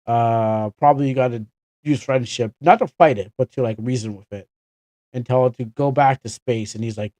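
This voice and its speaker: A man's voice: mid-range voice, a little fast, darkish tone, no echo. A young Canadian man chatting casually on a game livestream, rambling and correcting himself with chuckling asides. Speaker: streamer.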